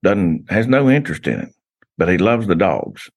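A man's voice: deep voice, big pitch swings, normal speed, creaky. A man telling long rambling stories as a podcast guest, full of restarts and "you know.". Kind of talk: casual podcast chat.

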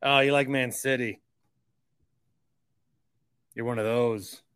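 A man's voice: medium pitch, fairly even intonation, slow pace, fairly bright tone, clean tone. A male sports radio host reacting to a caller, stammering and incredulous, with frequent repeated words.

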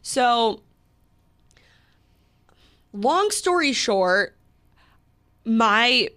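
A woman's voice: fairly high pitch, big pitch swings, drawn-out words, sharp tone. A young woman in her twenties co-hosting a podcast, telling a story in casual chat with lots of fillers and quoted back-and-forth. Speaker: podcast co-host.

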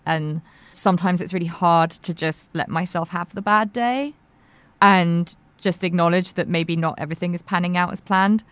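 A woman hosting, narrating in a measured, reflective way between interview segments and asking questions. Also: lowish voice, dry recording. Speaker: host, interviewer.

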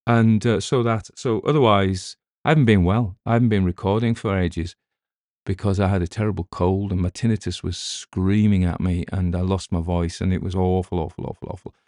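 A middle-aged British man with a very low, mellow voice talks in a loose, rambling way. He drifts between topics and drops in wry asides. The sound is close and dry, with no room around it. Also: steady tone, fairly quick, no echo. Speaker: audiobook narrator. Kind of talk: casual chat.

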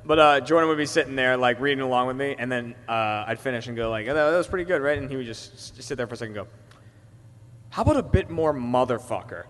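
A man's voice: medium pitch, racing, hardly any pauses, a bit bright. A man from Boston telling a laid-back story on a podcast panel, laughing along. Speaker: podcast co-host. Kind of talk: casual panel chat. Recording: reverberant hall with faint noise.

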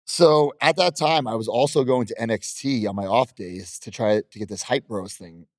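In a casual interview chat, a professional wrestler in his thirties talks in a brash, boastful way and laughs often. His mid-range voice moves at normal speed, and the dry recording has studio quality.

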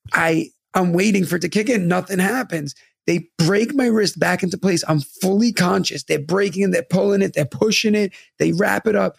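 A young man chats into a close studio mic, his voice high and rough with a gravelly edge. He tells stories in an animated way, swears freely and acts out the people in them. The sound is dry, with no room around it. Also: moderate pace, few pauses, no echo. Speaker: podcast co-host. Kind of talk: casual storytelling chat.

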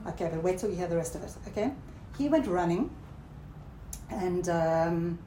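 A woman's voice: animated, moderate pace, mellow. A woman giving a Torah lecture, mixing Hebrew terms into English and often checking in with her listeners. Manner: rising emphatic pitch when stressing points. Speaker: Torah teacher. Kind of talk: lecture to a class. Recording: roomy echo, faint background noise.

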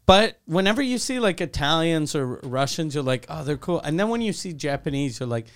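A comedian in casual podcast chat, making wry, deadpan jokes. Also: male voice, fairly high pitch, fairly quick, clear, resonant tone.

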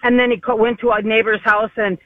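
A woman's voice: on the high side, level tone, a little fast, no room sound. An older woman calling into a radio show, telling a chatty story about her dog over the phone. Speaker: caller. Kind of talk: phone-in call. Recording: tinny phone line.

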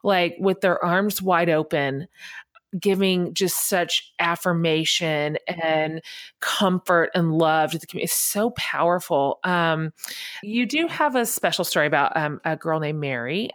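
A woman's voice: low voice, normal speed. A woman host interviewing a guest in an earnest, sympathetic way. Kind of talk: interview conversation.

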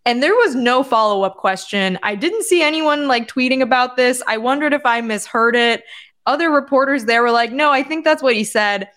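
A woman's voice: high-pitched, lively intonation, moderate pace, a bit bright. A woman co-hosting a motorsport podcast, chatting casually, laughing often and using lots of fillers. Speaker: podcast co-host. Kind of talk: casual chat.

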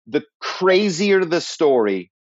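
A man guesting on a podcast, telling stories in a lively way with lots of "you know" and "right?". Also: fairly high pitch, slow pace, no echo, highs cut off. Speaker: podcast guest, former corporate spy and author. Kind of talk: animated storytelling in conversation.

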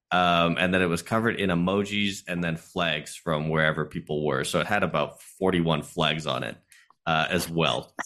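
Very deep-voiced man chatting casually. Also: bright, forceful tone. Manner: talkative, explains at length. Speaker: streamer guest. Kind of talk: casual podcast chat.

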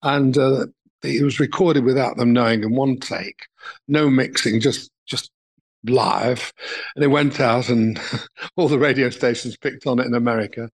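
An older man from England tells stories from his years as a music manager. He talks in a medium-pitched voice, chuckling as he goes. His telling is lively and full of asides. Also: a little slow. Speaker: talent manager, interview guest. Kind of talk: reminiscing interview answers.

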